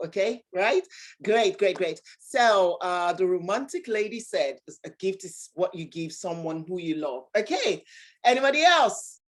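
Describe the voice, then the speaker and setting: A woman hosting an online workshop over a video call, bubbly, laughing often and full of exclamations. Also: medium pitch. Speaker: workshop host.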